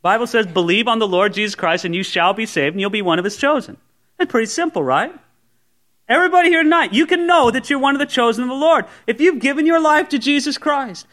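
A pastor with a very high, slightly bright voice delivers an expository sermon to a congregation during a church service. He talks conversationally and acts out objections his listeners might raise.

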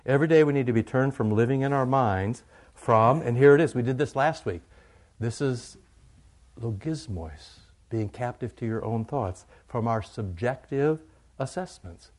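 A middle-aged male pastor giving a conversational, joking sermon, moving from quiet asides to loud, animated bursts. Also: mid-range voice, normal speed.

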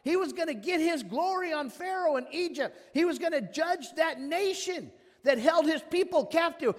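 A man's voice: extremely high pitch, lively intonation, moderate pace, long reverb tail. A man preaching a conversational sermon, asking questions and calling on listeners by name. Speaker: pastor. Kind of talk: interactive sermon.

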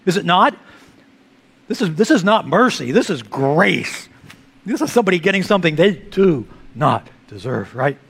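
High-pitched guy preaching a sermon, gets loud then goes real quiet. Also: sing-song, moderate pace, breathy edge. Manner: preaching with sharp swings between loud emphasis and hushed asides. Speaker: pastor.

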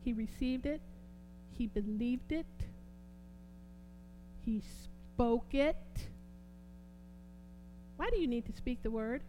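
A woman preaching a sermon, fervent and swinging from quiet talk to loud exclamations. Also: on the high side, slow pace, pauses often, a little hiss or hum, rough recording.

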